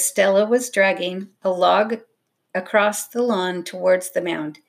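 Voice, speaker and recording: A woman narrating a children's storybook in a steady, expressive reading voice. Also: mid-range voice, unhurried, gravelly.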